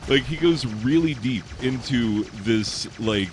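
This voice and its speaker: A man who teaches high school English, rambling in casual commentary while playing a game, full of fillers and laughs. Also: takes it slowly, slight background noise. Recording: game gunfire and explosions behind the voice.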